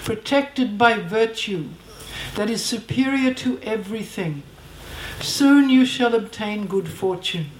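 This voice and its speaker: A woman's voice: mid-range voice, animated, takes it slowly, slight background noise. A woman voicing a tender, grieving elderly queen mother who speaks in a formal, archaic way. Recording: roomy echo.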